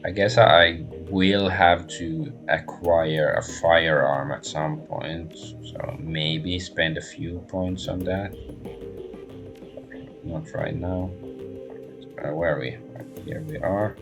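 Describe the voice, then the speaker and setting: A man's voice: low voice, fairly even intonation, slow pace, over music. A man streaming a role-playing game, muttering hesitant thoughts aloud as he plays. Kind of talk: let's-play commentary.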